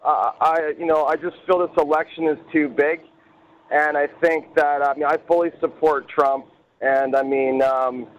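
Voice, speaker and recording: A male radio caller with a slightly higher-than-usual voice. He is polite but hesitant, restarting his sentences and leaning on fillers. The audio is dull and lo-fi. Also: little pitch movement, a little slow. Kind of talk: call-in opinion on phone.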